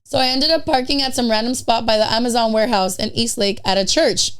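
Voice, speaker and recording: Woman host telling a story on a podcast, kinda high voice, chatty. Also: fast talker, fairly bright tone, clean tone. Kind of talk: casual chat, reading a prepared story.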